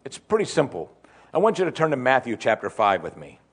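A man preaching a sermon to his congregation, asking them questions and building to emphatic, excited peaks. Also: medium pitch, fairly quick, husky. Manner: asks the congregation direct questions. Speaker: pastor.

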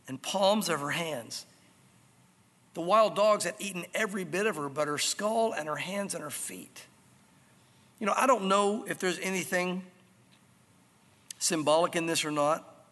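A male pastor preaching a sermon, telling the story in an animated way and acting out scenes. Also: a little high. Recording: reverberant hall.

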